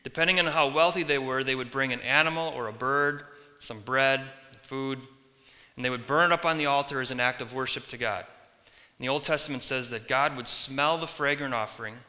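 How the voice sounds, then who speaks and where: A man preaching a sermon as a pastor, earnest and emphatic, building points through long lists and pauses. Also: mid-range voice, bright, forceful tone. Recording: long reverb of a hall.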